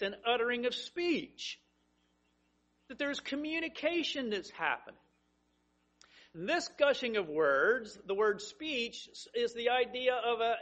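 A man preaching a sermon, telling vivid stories that swing between hushed and emphatic. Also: extremely high pitch. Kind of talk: sermon, Bible teaching.

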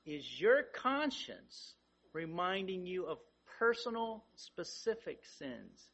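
A man delivers a sermon in a bright, high voice. He speaks slowly and deliberately, and his pitch swings widely as he drives points home with repeated phrases. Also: very animated. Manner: emphatic, repeating phrases with rising intensity. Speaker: preacher.

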